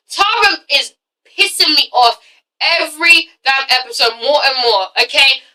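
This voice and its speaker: Girl ranting about tv, swears a lot, super bright high voice, mic kinda far off. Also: unhurried. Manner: blunt, profane, exasperated. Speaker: TV review vlogger. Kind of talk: casual ranting review.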